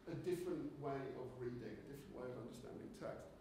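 A man giving a conference lecture, animated and conversational, often restarting his sentences. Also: mid-range voice, fast talker, a little hiss or hum. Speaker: keynote speaker. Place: lecture hall. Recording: echoey hall, voice from a distance.

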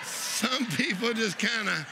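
A preacher, delivering an exuberant sermon and leading the congregation in laughter. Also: male voice, very high voice, expressive, takes it slowly, gravelly, noisy background. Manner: exuberant, leads the crowd in laughing. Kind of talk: lively sermon.

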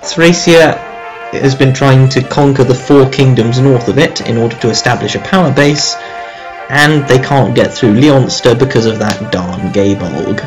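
A man's voice: mid-range voice, a little slow, soft background music. A man hosting a let's play, chatting in a joking, self-mocking way and reading game dialogue aloud.

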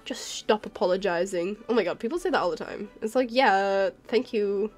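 A woman's voice: mid-range voice, moderate pace, faint music behind. A tired woman streamer chatting casually while she draws, rambling, apologizing and laughing often. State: tired and yawning. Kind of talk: casual chat while drawing.

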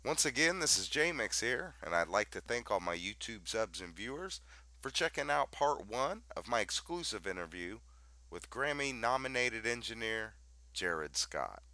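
A male interview host with a fairly low voice that moves up and down a lot. His tone is bright and forceful, recorded dry and close to the mic. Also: sing-song, moderate pace, no room sound, rough recording.

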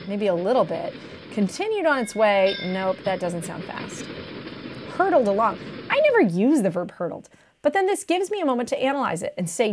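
A young woman tutoring test prep in a playful, animated way, acting out what students think. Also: fairly high pitch, a little hiss or hum. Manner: playful, acts out students' inner voices.

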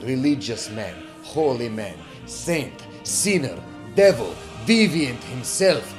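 A man's voice: sing-song, takes it slowly, soft background music. A man putting on an exaggerated Russian accent to play a grand, theatrical male show announcer. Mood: grandiose. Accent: put-on Russian. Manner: grand, booming, theatrical delivery.

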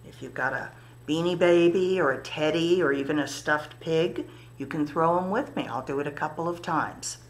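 A woman leading a story time for toddlers in a library story room, speaking gently and encouragingly to little children and their parents. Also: low-pitched, moderate pace.

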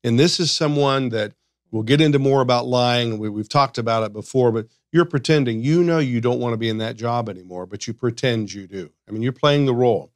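Animated man acting out quotes. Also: mid-range voice, a little fast, no echo, studio quality. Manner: animated, acts out quoted voices. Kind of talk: podcast discussion.

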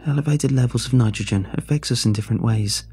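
A man voicing a measured, clinical woman on an undersea station crew in a story reading. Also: mid-range voice, darkish tone, breathy edge, soft background music. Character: calm female station medic, later upset.

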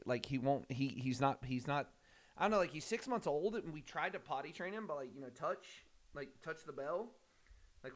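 A young man streaming a game, chatting casually, swearing often and rambling excitedly. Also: mid-range voice. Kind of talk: casual livestream chat.

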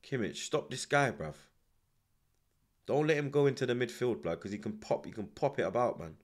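A man's voice: medium pitch, expressive, normal speed. A man giving live reaction commentary as a football watchalong host, swearing heavily and barking short, repeated commands. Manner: swears heavily and shouts in frustration.

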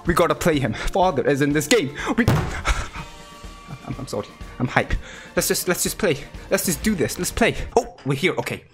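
A woman giving excitable, giggly let's play commentary, swearing freely as she plays. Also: deep voice, normal speed. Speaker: gamer. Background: game music.

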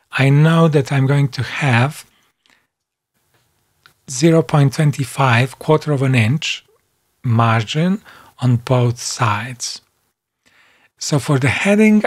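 Male tutorial narrator, slow deliberate delivery, calm step-by-step voice-over. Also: medium pitch. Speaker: software instructor. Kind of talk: screen-recorded tutorial narration.

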